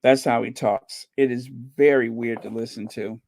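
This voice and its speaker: A man's voice: mid-range voice, fairly even intonation, moderate pace, gravelly, a little mellow. A man hosting a casual commentary stream, chatting loosely with many fillers and restarts. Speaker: channel host. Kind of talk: casual commentary to a live chat.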